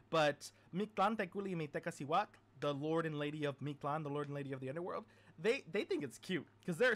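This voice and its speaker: A male podcast host retells an old myth in a loose, chatty way, wandering into animated asides. His voice sits a little high and he speaks very quickly.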